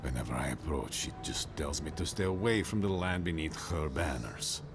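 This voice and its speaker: A man's voice: rumbling low, expressive, moderate pace, gravelly, noisy background, heavily acted. An actor playing a weary male warden captain bound by his oath, speaking solemnly and measuredly, trailing into near-whispers.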